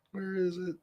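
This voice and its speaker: A man's voice: high voice, mellow, no echo. A man hosting a livestream, ranting and mocking someone with lots of swearing and laughter. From Sicilian heritage. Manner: mocking, profane, laughing often. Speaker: livestream host.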